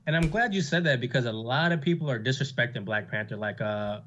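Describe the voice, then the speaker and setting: A young man guesting on a casual movie review chat, relaxed and full of slang. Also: mid-range voice, fairly quick, dull audio, a little hiss or hum.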